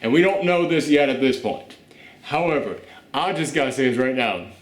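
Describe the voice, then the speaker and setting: A man co-hosting a casual horror film review, animated and profane, acting out quotes in mocking voices. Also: mid-range voice, moderate pace, reverberant. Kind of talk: casual reaction chat.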